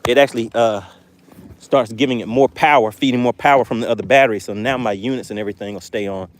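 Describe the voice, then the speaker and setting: A man's voice: mid-range voice, steady tone, fast talker. A man hosting a live fishing stream from a boat, chatting casually and laughing as he reads viewer comments aloud. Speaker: fishing channel host.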